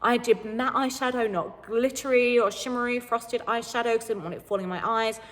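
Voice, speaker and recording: A woman's voice: fairly high pitch, brisk. Chatty woman vlogger in reverberant space. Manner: chatty and animated, laughs often. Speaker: former game show contestant and vlogger. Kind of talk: casual chat to camera.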